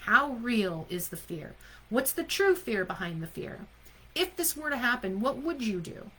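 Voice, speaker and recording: A woman's voice: a little high, big pitch swings, unhurried, fairly bright tone, husky, low-quality recording. A woman leadership coach giving a live online coaching talk. She speaks emphatically, keeps asking her listeners questions and often checks in with "right?".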